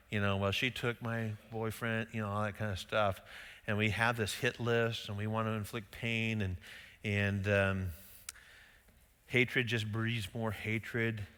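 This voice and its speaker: A middle-aged male pastor preaching in a loose, conversational way, firing off rhetorical questions and slipping into quick quoted voices. His tone is very bright and forward. The sound rings out with a long reverb, as in a large church sanctuary. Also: lowish voice. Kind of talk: sermon.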